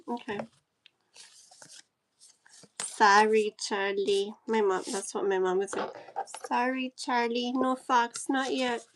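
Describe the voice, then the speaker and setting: A woman hosting a casual live stream and pulling cards, giggly, gushing and easily excited. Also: a little high, slight background noise. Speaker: live-stream host and card reader.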